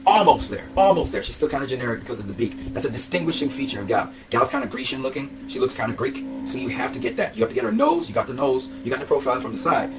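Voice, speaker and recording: A man's voice: medium pitch, poor audio. A young man gushing over collectible figures in a vlog, laughing and repeating himself as he talks. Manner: gushing, breaks into laughs and shouts. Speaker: vlogger. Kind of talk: excited toy-collector commentary.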